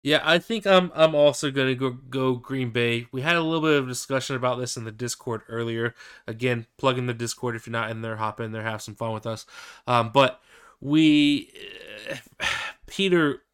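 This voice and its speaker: Bright, crisp-voiced man talking football. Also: mid-range voice, normal speed. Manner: rambling, hesitant restarts and fillers. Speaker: podcast co-host. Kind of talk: casual sports podcast chat.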